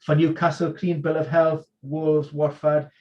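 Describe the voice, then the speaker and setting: A man acting as an injury expert, running through football team news on a live stream in a quick, informed rundown. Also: fairly high pitch, flat delivery, dull audio. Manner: informed, rapid-fire rundown of player news. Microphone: video call.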